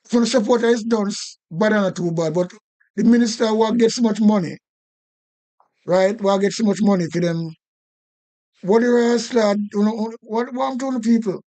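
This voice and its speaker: A man's voice: high voice, steady tone, moderate pace, mellow. A man with a Jamaican accent ranting indignantly on a live stream, repeating himself and swearing. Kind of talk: casual political rant.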